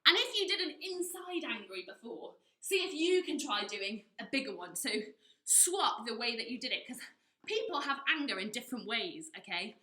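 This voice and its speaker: A woman with a high, very bright, lively voice leads a children's drama lesson. She coaches the kids directly and encourages them warmly. The room is echoey, with faint music behind her. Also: moderate pace. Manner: encouraging, talks directly to children, acts out anger levels. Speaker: drama teacher.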